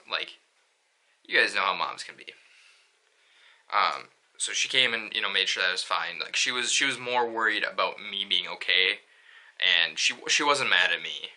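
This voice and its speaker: A man's voice: sits low, normal speed, long pauses, sharp tone. A young man telling a story in a casual vlog, rambling with many fillers and restarts. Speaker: vlogger.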